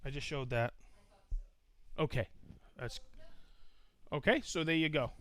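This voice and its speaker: Whooping as he reads shout-outs, an excitable man hosts a live tool demo stream in casual chat. His voice is high and swoops around a lot, clear and crisp, yet unhurried.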